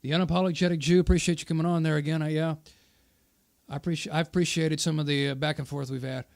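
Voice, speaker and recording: A man's voice: fairly high pitch, steady tone, quick pace, creaky. A man hosting his own channel, reviewing a debate in casual commentary, arguing at length and answering viewer comments as he goes. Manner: argumentative, explains at length, repeats points for emphasis.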